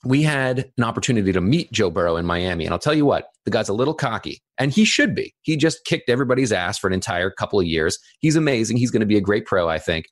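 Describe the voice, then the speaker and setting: A man's voice: fairly low pitch, lively intonation, fast, few pauses. A man in his thirties co-hosting a podcast, running through a list with dry jokes. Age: 30s. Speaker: podcast co-host. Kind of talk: casual podcast chat.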